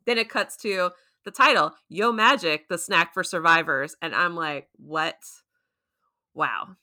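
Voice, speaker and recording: Bright-voiced woman recapping with gusto. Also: on the low side, moderate pace. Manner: animated storytelling, acting out quotes with voice shifts. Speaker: podcast co-host recapping a TV episode. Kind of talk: casual chat.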